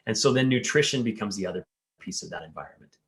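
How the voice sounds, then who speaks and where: A man with a lowish voice talks through his health advice in an interview. He is earnest and explanatory, and he sometimes slips into the voices of the patients he describes. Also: expressive, fast, noisy background. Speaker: pharmacist and health coach. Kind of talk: interview conversation.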